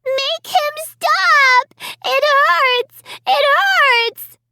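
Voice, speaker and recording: A woman voicing a terrified three-year-old girl who cries and pleads in a shrill, wailing voice. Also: drawn-out words, pushed and bright, no room sound, studio quality, exaggerated voice. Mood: wailing, pained. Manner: crying, high shrill pleading.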